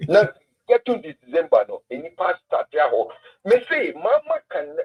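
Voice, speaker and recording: Ghanaian guy ranting politics, husky, pitch jumping all over, muffled lo-fi sound. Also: normal speed. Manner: animated, emphatic, repeats words for effect. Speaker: political commentator host. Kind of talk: casual political talk stream.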